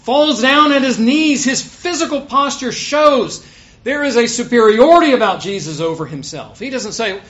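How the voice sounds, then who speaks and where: A man preaching a sermon, swinging between loud, stressed points and quiet asides, on a dull lo-fi recording. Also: very high-pitched, lively intonation, moderate pace.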